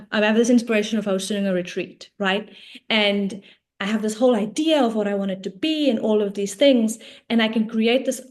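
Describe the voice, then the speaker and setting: A woman coach, a guest on an interview show, explaining ideas in a casual, talkative way, often checking in with "right?". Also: medium pitch.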